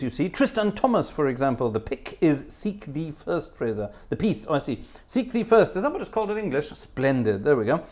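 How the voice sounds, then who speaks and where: A man's voice: mid-range voice, a little mellow. A man hosting a live stream, reading out viewers' names one by one and greeting them, humming little filler tunes between names. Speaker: livestream host and organist.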